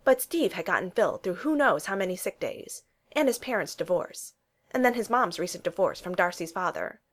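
A woman narrating a storybook with a lively, swinging pitch. She reads in an animated way, bringing the story's scenes to life. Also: moderate pace. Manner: animated reading with voiced dialogue. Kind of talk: storybook read-aloud.

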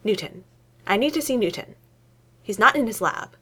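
A woman voicing a nervous, fussy male scientist who walks with a cane, grumbling and then turning shrill and flustered. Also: animated, normal speed, sharp tone, husky.

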